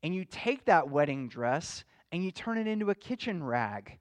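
Preaching in an earnest, measured teaching style, this male pastor's voice sits on the high side with big pitch swings. He asks his listeners questions as he goes.

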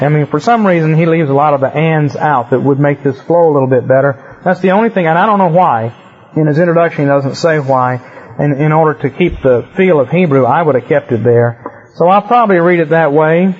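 A man teaches a Bible class in a husky, fairly high voice. He explains things in a conversational way and often gives examples. The recording is muffled and lo-fi. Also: darkish tone.

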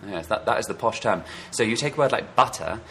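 This is a man with a slightly posh southeastern English accent from London, talking in a loose, rambling way full of ums and restarts. His voice sits fairly low. There is a faint hiss of noise behind him. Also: expressive, fast talker, a bit bright. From England. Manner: chatty, rambling with frequent ums and self-corrections. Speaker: podcast co-host. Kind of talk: casual chat.

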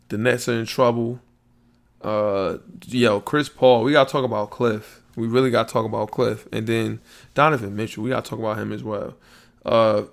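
Gravelly laid-back man hosting a podcast. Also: medium pitch. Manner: laid-back, rambling, slangy, thinks out loud. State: yawning, a bit sleepy. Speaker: podcast host. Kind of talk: casual solo podcast monologue.

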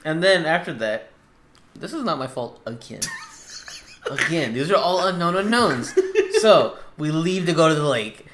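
A man's voice: fairly high pitch, moderate pace, background noise. A young man telling a story in casual chat, swearing freely and acting out what people said. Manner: profane, animated storyteller acting out quotes. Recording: echoey room.

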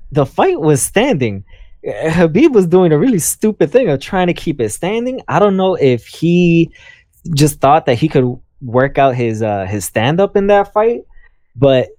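Lively panelist with a dry close sound. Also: mid-range voice, dry recording. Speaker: podcast panelist. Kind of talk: casual sports chat.

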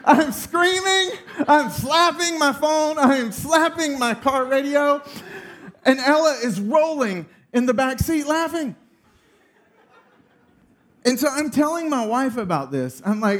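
A man in his thirties preaching a sermon, telling a funny family story with lively energy. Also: very high-pitched, a little slow. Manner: storytelling, animated, laughing through funny story. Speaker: pastor.

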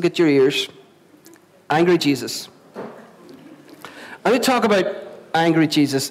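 A man's voice: high voice, poor audio. A Northern Irish man preaching a sermon as pastor, chatty, often questioning the congregation and repeating himself. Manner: conversational, asks the congregation questions, repeats words. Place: church venue before a congregation.

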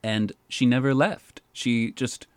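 A man who works as a park poet, telling stories in a casual, animated way and filling his speech with "like". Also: mid-range voice, slow, smooth, dry recording. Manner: animated, says "like" often. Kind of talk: casual storytelling.

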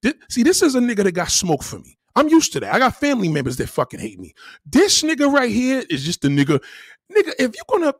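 A man hosting a livestream, ranting loudly and profanely as he reacts to viewer comments. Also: extremely high pitch, wildly swooping pitch, fast, husky, no echo, studio quality. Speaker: livestream host. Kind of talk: heated livestream rant.

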